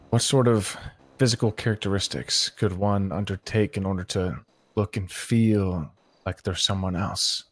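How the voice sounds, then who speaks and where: A man in a game role-play reacting bluntly and asking formal questions. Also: low voice.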